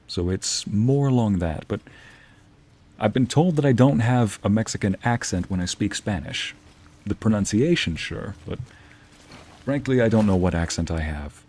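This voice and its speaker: Chatty low-voiced male game streamer. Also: animated, moderate pace, a little mellow, slight background noise. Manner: chatty, reads and answers chat aloud, drops into Spanish phrases. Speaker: streamer playing a video game. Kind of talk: casual live-stream chat with viewers.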